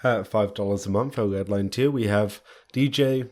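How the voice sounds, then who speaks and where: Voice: mid-range voice, normal speed, darkish tone. A podcast co-host reads a list of supporter names in a plain, matter-of-fact voice. In between, the chat with the others stays light and casual.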